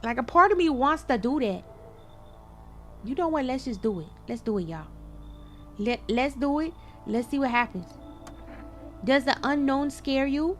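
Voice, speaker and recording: Woman gamer talking to her viewers, animated, quick reactions, kinda high voice. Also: faint music behind. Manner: animated, talks to viewers as y'all, quick exclamations. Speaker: gaming video creator. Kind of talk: casual gameplay commentary.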